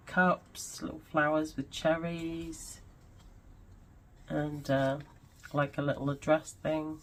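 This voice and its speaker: Slow, low-voiced woman crafter. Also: little pitch movement, a little hiss or hum, low-quality recording. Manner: gushing, musing aloud. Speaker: craft vlogger. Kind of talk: casual crafting commentary. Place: home crafting table.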